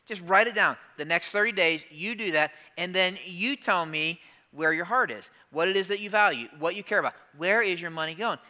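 A man's voice: high voice, fairly quick, pushed and bright. A man preaching a conversational sermon as a pastor, asking the congregation rhetorical questions and acting out their objections.

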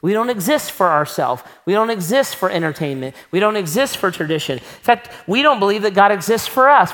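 A man's voice: high-pitched, lively intonation, brisk, hardly any pauses, fairly bright tone. A man preaching a sermon as a pastor, conversational and emphatic, often tossing rhetorical questions to the congregation.

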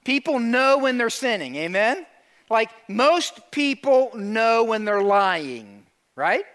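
A middle-aged male pastor preaching a lively sermon, acting out quotes and calling for amens. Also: very high-pitched, slow. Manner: animated preaching, asks for amens, acts out quotes.

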